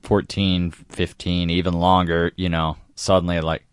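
A man with a very low voice co-hosting a casual podcast. He throws in dry joking remarks, and his voice sounds dry and close to the mic. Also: little pitch movement, unhurried, clear, resonant tone, no echo. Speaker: podcast co-host.

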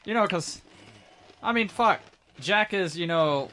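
A man co-hosting a casual podcast chat, his pitch swinging widely up and down. He rambles, stumbles and restarts his sentences, and he swears freely. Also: lively intonation, a little slow, sharp tone. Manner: hesitant, full of "you know" and restarts, swears casually. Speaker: podcast co-host.

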